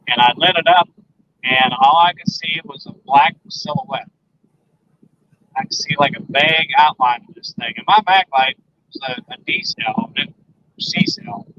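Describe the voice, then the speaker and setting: A man, a guest on a phone interview, recounting an encounter in a halting, emphatic way with repeated words. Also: a little high. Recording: dull lo-fi phone line.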